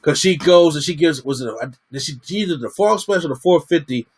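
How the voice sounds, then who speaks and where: A man's voice: fairly high pitch, fairly quick, breathy edge. A man giving a casual, slangy wrestling review, acting out what the wrestlers said. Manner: animated, slangy, acts out quotes.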